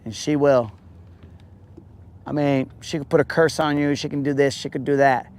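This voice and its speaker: A man hosting a live fishing stream, chatting casually and teasing his viewers in a joking, drawn-out way. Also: medium pitch, steady tone, a little mellow. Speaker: fishing livestream host.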